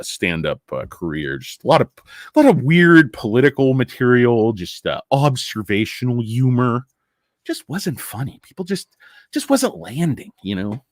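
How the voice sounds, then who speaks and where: A man's voice: fairly low pitch, no echo, studio quality. A man hosting a casual stock market talk, rambling and joking, tired from lack of sleep. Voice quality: rambling, joking, self-deprecating. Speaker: stock market commentator host.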